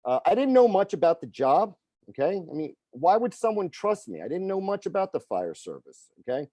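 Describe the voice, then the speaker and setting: A man's voice: high-pitched, big pitch swings, a little fast, dark tone, no room sound. A middle-aged man, a fitness coach, telling a personal story in a conversational way and often tagging sentences with "right?" and "okay?". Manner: conversational, frequent tag questions.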